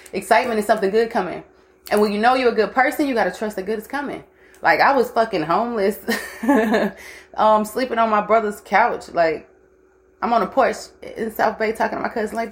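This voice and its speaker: A woman's voice: mid-range voice, fast talker. A young woman hosting a casual livestream, blunt and profane, mixing life lessons with frequent laughter. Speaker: host.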